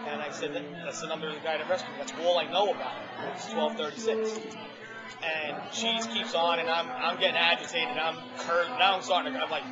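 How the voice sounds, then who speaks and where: A man casually telling a long personal story to a small group in a restaurant, animated and restarting often. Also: a little high, a little fast, a crowd in the background. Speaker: former ambulance responder telling his story. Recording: dull lo-fi audio with loud music behind. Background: restaurant music.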